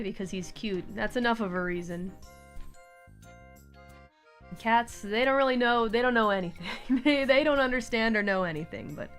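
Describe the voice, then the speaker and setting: A woman hosting a relaxed live stream from home, chatting casually, laughing often and cooing at her cat. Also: a little high. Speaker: livestream host. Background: faint background music.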